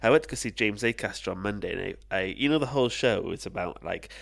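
A man's voice: lowish voice, expressive, fast talker, creaky, fairly bright tone. A man co-hosting a podcast, chatting casually with rambling, sweary anecdotes while tired and jet-lagged. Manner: rambling anecdotes, swears a lot, laughs often. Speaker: podcast co-host. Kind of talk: casual chat.

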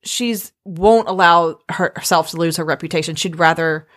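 A chatty woman in casual podcast talk, her voice a little low. She speaks conversationally, with plenty of fillers and quick agreement. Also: fairly bright tone. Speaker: podcast co-host. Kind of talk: casual chat.

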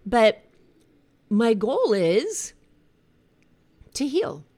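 A woman's voice: on the high side, sing-song, extremely slow, mellow. A middle-aged woman hosting a podcast, speaking frankly and reflectively in a conversational way. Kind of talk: candid personal talk.

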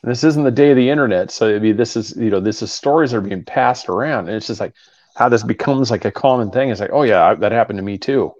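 Fast-talking co-host, dull dry sound. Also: male voice, mid-range voice, darkish tone, no echo. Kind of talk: podcast conversation.

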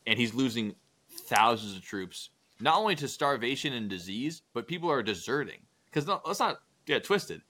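A man hosting a casual podcast, retelling history with crude jokes and quick acted-out asides. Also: mid-range voice, expressive, sharp tone. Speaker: podcast host. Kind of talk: casual comedic history chat.

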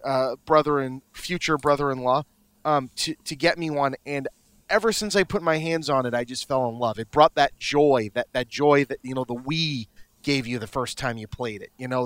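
An excitable young man chatting casually as a podcast co-host. He talks in bursts, stumbles over restarts and swears freely. His voice sits mid-range and sounds close and dry. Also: mid-range voice, normal speed, dry recording. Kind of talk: casual chat.

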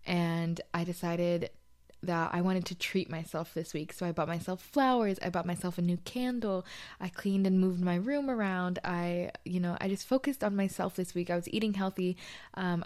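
Here a young woman runs her own laid-back podcast out of a tiny bedroom. Her darkish, lower voice carries a confiding, talkative style peppered with "like."

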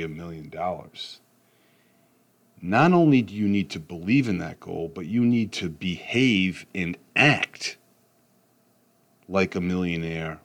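Man, middle-aged, low-ish voice; loose, rambling motivational speaker who leans on slow emphasis. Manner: rambling, with frequent "you know what I mean" asides. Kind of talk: casual motivational talk.

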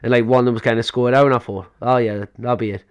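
A man's voice: medium pitch, fairly even intonation, fast talker, smooth. A young man co-hosting a podcast, telling long stories in a casual chat and acting out what others said, laughing often. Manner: rambling storyteller, acts out quotes, laughs often. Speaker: podcast co-host.

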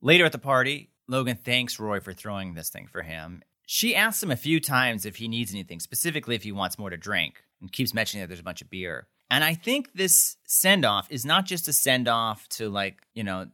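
Bright-voiced man chatting casually. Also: mid-range voice, big pitch swings, a little fast, few pauses. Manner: rambling, frequent "like", acts out quotes. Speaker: podcast co-host. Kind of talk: casual chat recapping a TV episode.

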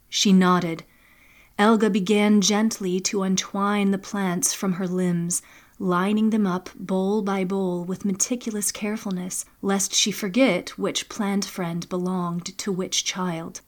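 A woman narrating and producing her own storytelling podcast, measured and soft-spoken. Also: medium pitch, steady tone.

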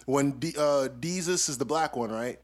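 A man's voice: mid-range voice, normal speed. A man co-hosting a podcast in loose, slangy casual chat, laughing often. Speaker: podcast co-host.

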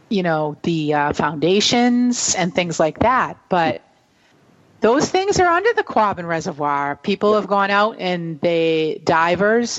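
Brief: New England woman, co-host, unhurried storyteller, muffled lo-fi recording. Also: fairly low pitch. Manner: chatty, laughs easily, slow deliberate storytelling. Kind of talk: casual chat. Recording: dull lo-fi sound.

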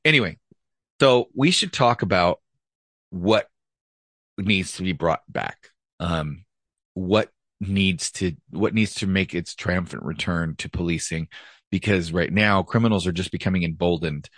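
A former police officer hosts a casual podcast chat with a blunt, profane delivery. His voice sits low, and the recording is dry and close with no room sound. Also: unhurried, a bit bright, no echo.

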